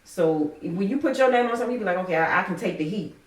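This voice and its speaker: Woman nonprofit founder, relaxed and practical, roomy sound, a bit far from the mic. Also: medium pitch, fast talker. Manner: plain-spoken, practical, laid-back. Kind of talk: casual interview.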